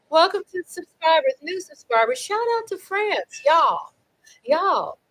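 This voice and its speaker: A middle-aged woman hosting a casual livestream, talking in a lively, chatty way and swinging from loud cheering to low asides. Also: rough recording. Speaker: livestream host.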